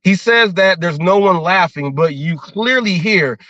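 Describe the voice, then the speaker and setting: A man's voice: sits high, animated, measured pace, a bit bright, no room sound, dull audio. A man hosting a livestream, ranting defensively and often repeating himself as he restarts his words. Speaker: livestream host.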